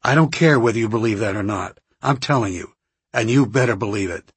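A firm government doctor presses his questions in a clipped, insistent manner, voiced by a man narrating an audiobook. The voice is husky and raspy. The recording is close and dry. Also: fairly low pitch, brisk, no echo.

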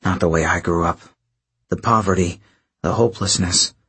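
A man reading as a shaken father in an audiobook, speaking low and hushed with a tremble. His voice drops below the narration and is rather husky. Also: normal speed, full character voice. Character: frail shaken middle-aged father.

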